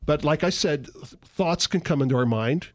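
A joking, folksy man with a slightly high voice explains scripture in casual talk. The recording is dry and close, with no room sound. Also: moderate pace, no room sound. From San Diego, California. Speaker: Christian radio co-host. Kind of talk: casual Bible teaching chat.

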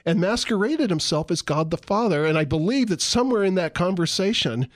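A joking, folksy man with a slightly high voice explains scripture in casual talk. The recording is dry and close, with no room sound. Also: lively intonation, brisk, dry recording. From San Diego, California. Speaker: Christian radio co-host. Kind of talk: casual Bible teaching chat.

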